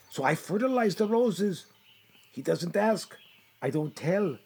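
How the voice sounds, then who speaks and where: Brief: fretful man, a gardener sketch, slow, husky and lively, a higher voice. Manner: fretful, muttering to himself, fond with his plants. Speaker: comedic performer as a gardener. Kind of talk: comedy sketch monologue.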